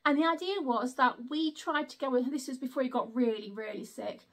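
A woman's voice: high-pitched, fairly quick, fairly bright tone. A woman, chatting through an unboxing and exclaiming often. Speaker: vlogger. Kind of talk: casual unboxing chat.

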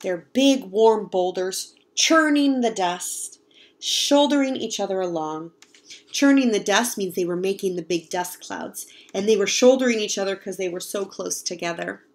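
A woman reading a children's picture book aloud in an expressive way, pausing to ask young listeners questions. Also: mid-range voice. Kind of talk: children's story read-aloud with prompts.

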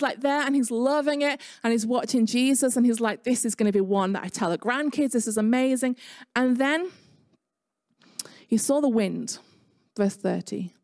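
A woman's voice: a little high, a little mellow, dry recording, clean studio sound. Chatty English woman preaching. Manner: chatty, conversational preaching with personal stories. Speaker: pastor. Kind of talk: online sermon.

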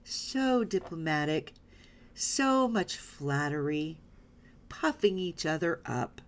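A woman's voice: low voice, big pitch swings, takes it slowly. A woman Bible teacher reading scripture aloud and stopping to explain it, often checking in with "right?" and "okay?". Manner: reads passages aloud, then stops to explain.

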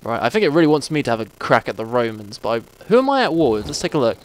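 A man's voice: mid-range voice, big pitch swings, fast talker, rough recording. An English man chatting casually while playing a strategy game, rambling and thinking aloud with frequent laughs. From England. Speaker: game co-host. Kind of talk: casual gameplay chat.

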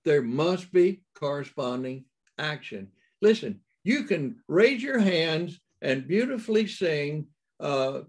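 A man preaching a sermon in a halting way, with many fillers and restarts and emphatic rises. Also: a little high, sing-song.

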